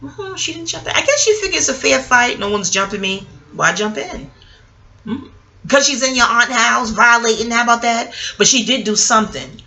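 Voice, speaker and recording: A middle-aged woman vlogger telling a story in a casual monologue, profane, animated and wisecracking. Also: on the high side, normal speed.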